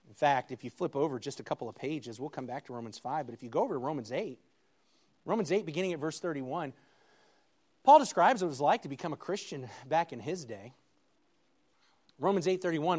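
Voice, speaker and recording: Animated preacher with lively pitch. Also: male voice. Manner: animated, rising to loud emphatic peaks; reads scripture with slow dramatic emphasis. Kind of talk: sermon with scripture reading.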